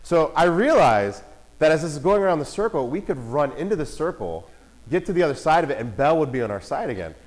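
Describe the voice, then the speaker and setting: A father telling a family story in a casual, animated way. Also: a little high, quick pace, low-quality recording. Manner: animated, acts out voices and shouts in quotes.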